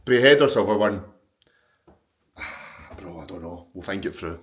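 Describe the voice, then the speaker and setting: Low-voiced sweary Glaswegian bloke. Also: male voice, expressive, unhurried, long pauses, a bit bright, breathy edge, no echo. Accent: Scottish, Glaswegian. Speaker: fitness vlogger. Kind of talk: casual vlog chat to camera.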